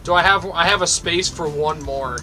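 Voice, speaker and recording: Young male gamer host, ranting and cursing for laughs, high bright voice, game music faint underneath. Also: moderate pace. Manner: ranting, sweary, mock-angry. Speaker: gaming video host. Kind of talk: let's play commentary.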